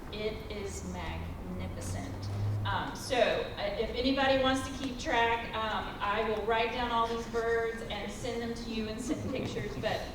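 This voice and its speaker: A woman emceeing a school storytelling event, friendly and chatty, with many ums. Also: on the high side. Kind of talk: introducing storytellers. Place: school auditorium. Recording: roomy hall, mic far off, faint hum.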